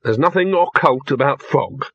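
A man voicing a nervous young man who tries to sound calm. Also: mid-range voice, moderate pace, gravelly, husky, no room sound, full character voice. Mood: panicky. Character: jittery young man in fog. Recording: dull lo-fi.

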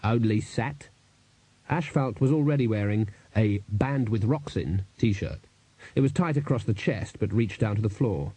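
A man narrating a fantasy novel in a wry, even storytelling manner. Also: lowish voice, normal speed, breathy edge, no room sound. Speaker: audiobook narrator. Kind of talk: scripted narration.

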